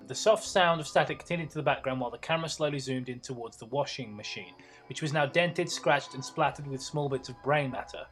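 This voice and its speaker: A man's voice: medium pitch, fast talker, a bit bright, faint music behind. A man reading a story aloud for laughs, stumbling over words and breaking off for sarcastic asides. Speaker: reader and host. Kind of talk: comedic reading with banter.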